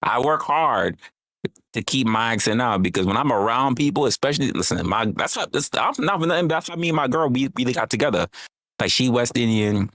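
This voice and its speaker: An American man chatting casually on his livestream, animated and rambling, swearing freely and teasing his chat. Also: mid-range voice, a little fast, no echo, studio quality. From United States. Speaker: livestream host.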